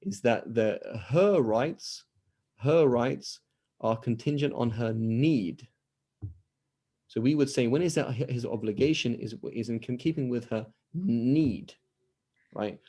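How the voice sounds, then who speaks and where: Mellow-voiced male teacher, conversational. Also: mid-range voice, slow. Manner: conversational, acts out quoted dialogue. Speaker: Islamic studies teacher. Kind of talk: online lecture with Q&A. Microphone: video call.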